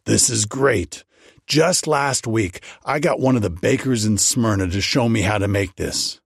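A man's voice: lowish voice, measured pace, gravelly, breathy edge, dry recording, clean studio sound, heavily acted. A man voicing a chatty male baker who is eager to please.

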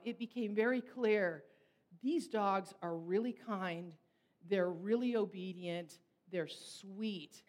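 A middle-aged woman telling a personal story in long, animated run-on sentences. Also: medium pitch. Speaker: speaker. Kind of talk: storytelling talk.

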